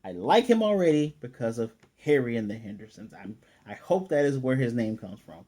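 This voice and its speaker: A man's voice: medium pitch, sing-song, normal speed, mellow. A man casually recapping and reviewing an anime episode, chatty and opinionated, with frequent fillers.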